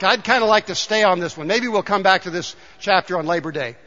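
A man's voice: sits high, fast talker, hardly any pauses, sharp tone. A man preaching a sermon to his congregation, building to emphatic calls and telling a joke along the way. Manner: rises to emphatic calls to the congregation, tells jokes. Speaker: pastor. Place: church sanctuary. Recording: dull sound with long hall reverb.

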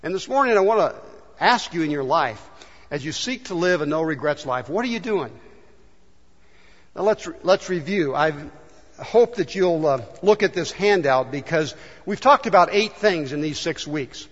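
High-voiced man preaching a sermon. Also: lively intonation, moderate pace. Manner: earnest, acts out quoted voices in storytelling. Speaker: pastor. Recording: dull echoey church hall.

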